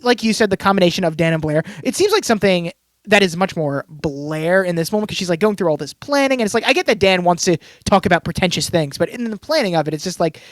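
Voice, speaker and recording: A man's voice: high-pitched, animated, quick pace, no echo, clean studio sound. A man co-hosting a podcast, recapping an episode in a casual chat and laughing often. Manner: laughs often, lots of fillers and restarts. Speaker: podcast co-host.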